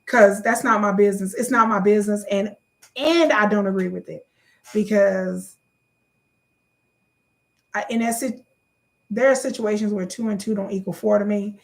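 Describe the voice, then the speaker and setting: A woman talking casually to her own channel's viewers, sassy and joking, repeating herself and jumping high when she gets worked up. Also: fairly even intonation, moderate pace, vocal fry, pauses often. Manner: sassy, joking, loose and repetitive. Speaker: YouTube creator. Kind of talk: casual chat to camera.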